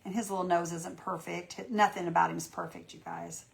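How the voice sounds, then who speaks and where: A woman's voice: lowish voice, fairly even intonation, fairly quick, creaky. A woman hosting a live painting demo, chatting in a folksy, encouraging way with her viewers. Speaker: craft tutorial host.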